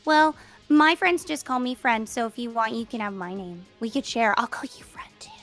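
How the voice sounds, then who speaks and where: A woman's voice: on the high side, expressive, moderate pace, a bit bright, faint music behind. A woman playing a character in a tabletop game, eager and bubbly. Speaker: player.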